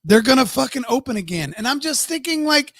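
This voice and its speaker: A man's voice: extremely high pitch, very animated, a little fast, a bit bright, no echo, clean studio sound. A man co-hosting a casual live-stream podcast, ranting and swearing freely. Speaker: podcast co-host.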